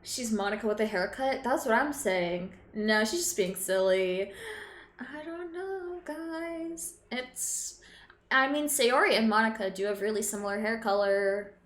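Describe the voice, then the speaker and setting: A woman streamer reacting to a game with animated, joking commentary. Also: medium pitch, normal speed, hardly any pauses. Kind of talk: live gaming stream. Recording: echoey room with game music.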